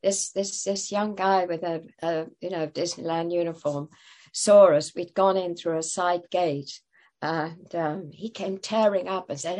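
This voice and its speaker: A woman's voice: lowish voice, fairly even intonation, measured pace, a little mellow. An older woman telling stories as an interview guest, hesitant, with many fillers and restarts. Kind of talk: casual interview storytelling.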